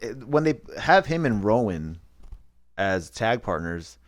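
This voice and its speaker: A man hosting a podcast in casual chat, talking in a relaxed way with lots of fillers. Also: fairly low pitch. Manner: relaxed, drawn-out with fillers like uh and you know. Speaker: podcast host.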